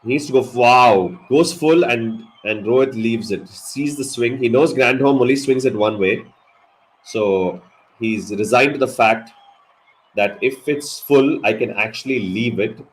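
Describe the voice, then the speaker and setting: A man giving live ball-by-ball cricket commentary on a watch-along stream, excitable and swearing at big moments. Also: mid-range voice, measured pace, poor audio. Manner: excitable, swears, animated reactions.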